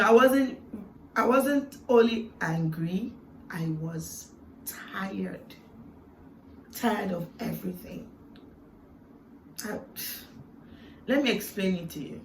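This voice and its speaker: Woman vlogger, heartfelt storytelling, reflective with emotional peaks; roomy, distant mic sound with faint background hiss. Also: fairly low pitch. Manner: earnest and reflective, with emotional swells and hushed moments. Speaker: vlogger sharing a personal testimony.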